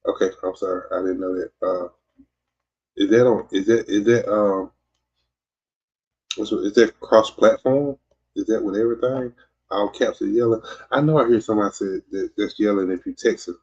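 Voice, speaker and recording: Southern mississippi guy hosting a chill podcast, low husky voice, rambles and teases, kinda dull lo-fi sound. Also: moderate pace, a little mellow. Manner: rambling and teasing, many fillers and restarts. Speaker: podcast host. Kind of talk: casual livestream chat reading comments.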